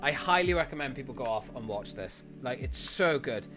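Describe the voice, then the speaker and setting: A man's voice: medium pitch, expressive, brisk, a bit bright, faint music behind. Chatty man gushing about anime. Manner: chatty and enthusiastic, swears freely, thinks aloud. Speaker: streamer. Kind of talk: casual chat reviewing an anime list.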